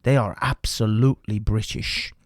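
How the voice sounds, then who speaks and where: A man's voice: on the low side, steady tone, normal speed, no echo, studio quality. A man from the United Kingdom hosting a livestream, delivering a heated, profanity-laced political rant with lots of repetition. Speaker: livestream host. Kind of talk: ranting political commentary.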